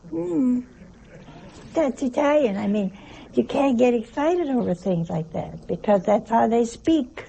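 Gravelly-voiced nun preaching folksily. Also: female voice, fairly high pitch, expressive, a little slow, warm tone. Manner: folksy, humorous, full of rhetorical questions. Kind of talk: conversational sermon.

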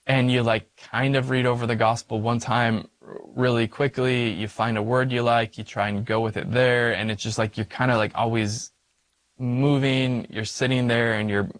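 A man's voice: mid-range voice, little pitch movement, moderate pace, no echo. A man, a priest, teaching about prayer in a conversational way, with many fillers and questions to the listener. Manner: conversational, frequent "like" and "right?" fillers. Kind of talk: spiritual teaching talk.

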